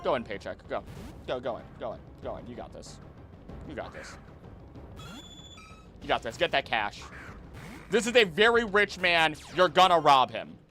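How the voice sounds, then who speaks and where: A young man casually commenting on his gameplay while he streams, chatty and animated, with sudden loud outbursts. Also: medium pitch, normal speed, pauses often, over music. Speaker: streamer playing a video game.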